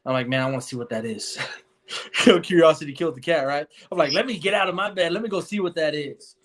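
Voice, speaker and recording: A man's voice: fairly high pitch, quick pace, fairly bright tone. Earnest rambling man telling his story. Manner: rambling, earnest, many fillers and restarts. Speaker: guest. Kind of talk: casual storytelling interview.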